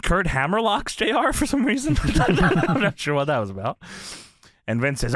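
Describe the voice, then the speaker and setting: A man's voice: fairly high pitch, normal speed, no room sound, clean studio sound. A man co-hosting a wrestling podcast, recapping an old episode in a casual, joking way and acting out the quotes. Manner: animated, laughing, acting out quotes.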